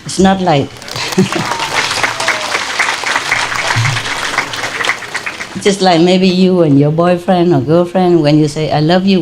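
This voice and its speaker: A woman's voice: lowish voice, a little hiss or hum. An older woman with a Vietnamese accent, a native speaker of Vietnamese, telling a personal story in an informal spiritual talk and laughing often. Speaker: spiritual teacher.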